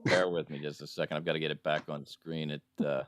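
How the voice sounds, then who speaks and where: A man's voice: extremely low pitch, little pitch movement, fast talker, a bit bright, dry recording, faint music behind. A man hosting a casual podcast, crude and joking as he steers the show. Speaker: podcast host. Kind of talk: casual chat.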